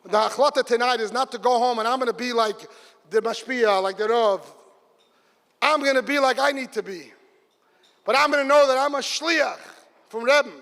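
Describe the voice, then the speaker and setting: A middle-aged man giving a lively storytelling speech to a gathering in a large hall, breaking into excited exclamations. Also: extremely high pitch. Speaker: speaker at a community gathering. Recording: long reverb of a big hall.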